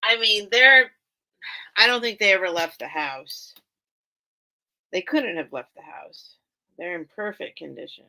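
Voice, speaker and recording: Bright, slow-talking woman hosting a live sale. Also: mid-range voice. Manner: chatty and rambling, thinks aloud; greets viewers by name. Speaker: live online sale host. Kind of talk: casual live-stream selling chat.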